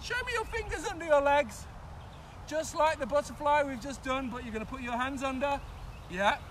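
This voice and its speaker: A man coaching young children through a playful movement game, animated and full of sound effects. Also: very high voice, moderate pace, slight background noise. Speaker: kids' soccer coach.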